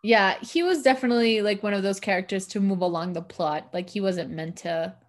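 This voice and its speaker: A woman's voice: mid-range voice, a little fast. Woman recapping a tv show on a podcast, chatty, says like a lot, acts out the lines. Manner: chatty, lots of "like" fillers, acts out characters' lines. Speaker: podcast co-host. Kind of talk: casual recap chat.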